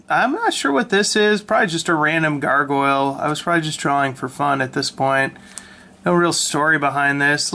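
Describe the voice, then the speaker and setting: A man casually talking through his old sketchbook, relaxed and self-mocking, with lots of ums and restarts, recorded on a handheld camera. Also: on the high side, gravelly. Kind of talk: casual rambling commentary. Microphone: handheld camera mic.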